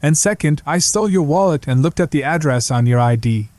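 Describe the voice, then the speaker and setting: A man voicing a cocky male ventriloquist dummy with a slight Boston accent, smug and sharp-tongued. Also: on the high side, animated, a little fast, no echo, lightly acted.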